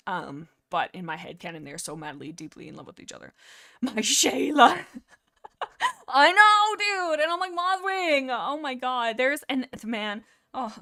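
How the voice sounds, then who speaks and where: A woman hosting a casual fan discussion livestream, rambling excitedly, laughing often and correcting herself mid-sentence. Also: mid-range voice. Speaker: livestream host.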